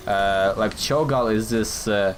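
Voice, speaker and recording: A man with a lowish voice speaks slowly over slight background noise, commentating live on his own gameplay. He thinks aloud and explains his choices in a hesitant, explanatory manner.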